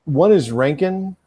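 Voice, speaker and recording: A man running a tabletop game, talking through each scene with frequent pauses and fillers. His voice is mellow and sits in an ordinary range. The sound is dry and close. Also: high voice, breathy edge, no echo. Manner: descriptive, halting with fillers. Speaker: game master.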